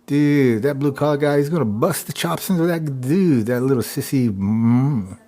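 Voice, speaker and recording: A man's voice: mid-range voice, moderate pace, dark tone. A man hosting a live stream, talking in a rambling, repetitive monologue that keeps circling back to "it's true.". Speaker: livestream host.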